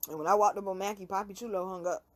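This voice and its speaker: A young woman hosting a casual talk show, telling a story in an animated, slangy, profane way. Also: medium pitch, rapid-fire. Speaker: podcast host.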